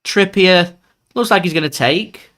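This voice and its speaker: A man's voice: sits high, measured pace, fairly bright tone. A man hosts a home livestream of a football match, talking in a loose, chatty way. He reacts to the action as it unfolds and drifts between the play and side remarks. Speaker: football fan channel host. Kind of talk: live match watchalong commentary.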